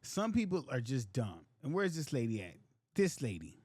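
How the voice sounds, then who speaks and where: A man's voice: mid-range voice, wildly swooping pitch, moderate pace, a little mellow, no room sound. A man hosting casual commentary, talking emphatically and repeating lines from clips. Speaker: host.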